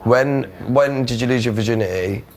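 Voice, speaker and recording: A man's voice: mid-range voice, normal speed, a little hiss or hum. A man on a reality show, chatting and prodding with blunt questions. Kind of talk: casual chat.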